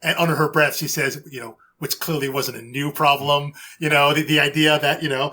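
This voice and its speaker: A man co-hosting a casual podcast, his voice bright and a little higher than most men's. He talks haltingly and circles back often, stacking up repeated words and fillers as he works through his points. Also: fairly even intonation. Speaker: podcast co-host.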